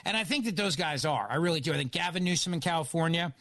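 A man's voice: fairly high pitch, expressive, quick pace, a bit bright, no echo. A man filling in as a radio host, delivering an opinionated monologue in an emphatic, argumentative way with many rhetorical questions, on a studio microphone. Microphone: studio broadcast microphone.

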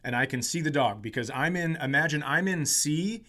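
A man's voice: fairly high pitch, normal speed. A male comedian co-hosting a podcast, chatting casually. He tells stories with energy and acts out the voices of the people in them. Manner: animated storyteller, acts out quotes, giggles. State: tired and hungover during the story. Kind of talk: casual storytelling chat.

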